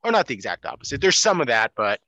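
A man's voice: medium pitch, big pitch swings, fast talker, sharp tone, no room sound. A man co-hosting a podcast in casual chat, teasing and opinionated. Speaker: podcast co-host.

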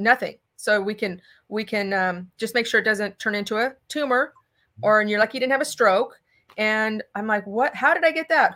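A middle-aged woman from California, a guest in a conversational interview, telling a story animatedly and acting out the dialogue. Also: medium pitch. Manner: animated, acts out dialogue in quotes. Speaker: political candidate guest.

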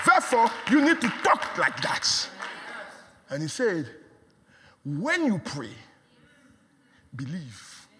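A man preaching a sermon, emphatic and repetitive, dropping to a hush and then rising to shouts. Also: sits high, huge pitch swings, measured pace, long pauses, in a large hall, crowd noise. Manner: emphatic, repeats words, swings from hushed to shouting.

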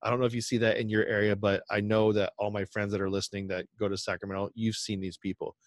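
Man, podcast co-host, lowish voice, rambling casual storytelling, acts out quotes, dry studio sound. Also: flat delivery, fast talker, dry recording. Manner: rambling, filler-heavy storytelling with acted-out quotes.

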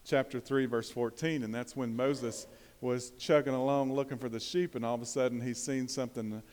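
A man's voice: mid-range voice, steady tone, moderate pace, a little mellow. Pastor guy preaching, chatty, keeps asking the crowd stuff, long echo like a big church. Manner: conversational, asks the congregation questions, bursts of emphasis. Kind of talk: sermon. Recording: long hall reverb.

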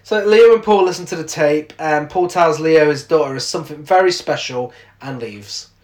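Co-host, man, slightly high voice, laughs through plot recaps, echoey room. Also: moderate pace, a little mellow. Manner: laughs often while retelling plot. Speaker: podcast co-host. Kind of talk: casual film recap chat.

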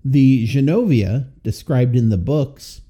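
Lively, mellow-voiced podcast man. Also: mid-range voice, slow pace. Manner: lively, playful, laughs easily. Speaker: podcast co-host. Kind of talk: casual movie recap chat.

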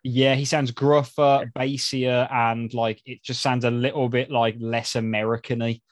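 A man's voice: mid-range voice, level tone, dry recording, clean studio sound. A man, co-hosting a casual podcast chat in a chatty way with frequent restarts. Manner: chatty, restarts often, quick laughs. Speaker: podcast co-host.

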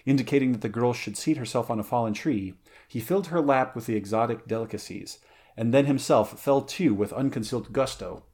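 A man reading a story aloud in a steady manner, now and then correcting small slips. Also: mid-range voice, a little fast. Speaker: reader. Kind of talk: audiobook reading, amateur.

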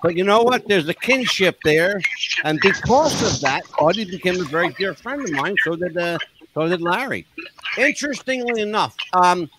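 High-voiced male podcast host. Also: expressive, moderate pace. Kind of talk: casual interview chat. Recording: noisy podcast recording.

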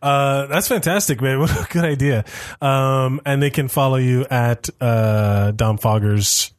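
A young man hosting a podcast, chatting excitedly, with repeated stammers and casual swearing. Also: mid-range voice, measured pace, no room sound. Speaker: podcast host. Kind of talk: casual chat.

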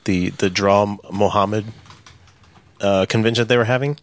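A man co-hosting a casual podcast, talking in halting bursts as he searches for words. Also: lowish voice, steady tone. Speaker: podcast co-host. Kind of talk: casual chat.

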